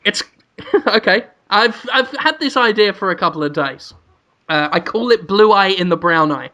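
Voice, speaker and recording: A man on a podcast, rambling through an absurd story he makes up as he goes. His voice sits high and sounds bright and lively. He giggles often and slips into goofy put-on voices. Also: normal speed. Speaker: podcast panelist.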